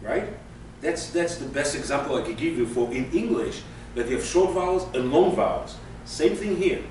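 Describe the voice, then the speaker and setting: A man's voice: fairly high pitch, animated, moderate pace, a little mellow. A man teaching a class, patiently explaining with everyday examples. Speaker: Hebrew teacher. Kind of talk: classroom lesson. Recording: echoey room from far off, faint noise.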